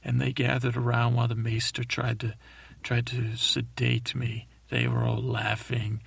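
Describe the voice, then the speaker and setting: A man improvising a rambling comic tale as a dim, timid boy prince, halting and mixing up names. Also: medium pitch, completely flat delivery, gravelly, husky. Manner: halting, full of restarts and mixed-up names. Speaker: comedic storyteller.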